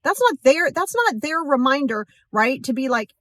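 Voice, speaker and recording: A woman's voice: high voice, big pitch swings, normal speed, hardly any pauses, fairly bright tone, dry recording. A woman hosting a motivational podcast, talking directly and emphatically to the listener. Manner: direct, emphatic, acts out quoted voices. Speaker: podcast host.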